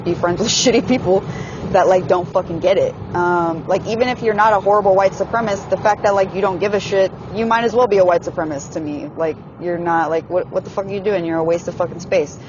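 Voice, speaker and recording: A woman's voice: lowish voice, steady tone, fast, highs cut off, background noise. Frustrated young woman venting, swearing a lot. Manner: frustrated, profane, heavy use of "like". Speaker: person venting in a voice message. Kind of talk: casual venting monologue.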